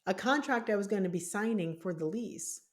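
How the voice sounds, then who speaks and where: A woman co-hosting a spiritual podcast, telling stories in a casual, animated way and laughing often. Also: mid-range voice, moderate pace. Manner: animated storytelling with frequent laughs. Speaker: podcast co-host, spiritual healer. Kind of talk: casual conversational chat.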